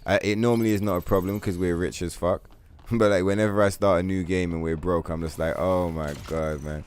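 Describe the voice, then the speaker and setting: A man streams a game and chats casually and profanely, rambling through long comparisons and laughing along the way. His voice is low, darkish, and steady in tone, with a brisk pace and faint music in the background.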